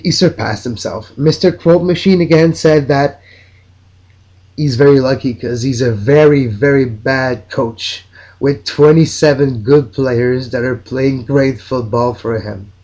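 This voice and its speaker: A man's voice: mid-range voice, a little mellow. A man from Mexico, hosting a solo soccer podcast in an enthusiastic, opinionated, rambling way.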